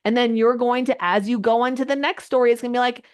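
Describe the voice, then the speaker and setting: A woman coaching a group live on a video call, chatty and animated, her voice jumping up when she gets excited. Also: fairly high pitch, fast, clear, resonant tone. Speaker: social media coach. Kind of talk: live online coaching session.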